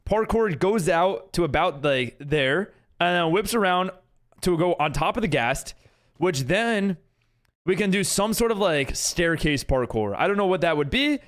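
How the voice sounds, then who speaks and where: A man's voice: sits high, animated, unhurried, fairly bright tone. An American man chatting casually on a live game stream, reading and answering his chat as he builds. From United States.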